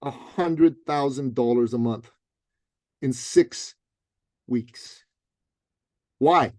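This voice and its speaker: A middle-aged man, an author and business coach, telling a punchy, animated story as a guest in an interview. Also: medium pitch, very slow, long pauses, no room sound. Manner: lively, punchy, acts out other people's voices.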